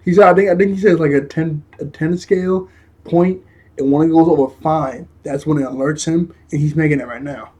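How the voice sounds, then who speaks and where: A man's voice: a little high, fairly even intonation, brisk, warm tone. A man casually reviewing a cartoon episode, talking in loose slang with lots of fillers and frequent chuckles.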